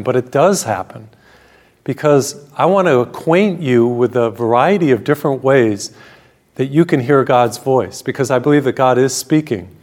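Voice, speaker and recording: A man, a Catholic priest hosting a television program, preaching a sermon with stories and slowing down to read scripture. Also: medium pitch. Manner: warm storytelling preacher, slows down for scripture.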